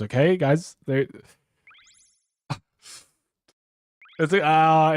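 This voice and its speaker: A man's voice: a little high, expressive, measured pace, long pauses, darkish tone, dry recording. A man streaming and chatting casually with viewers, swearing freely and rambling off the cuff. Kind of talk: casual live-stream chat.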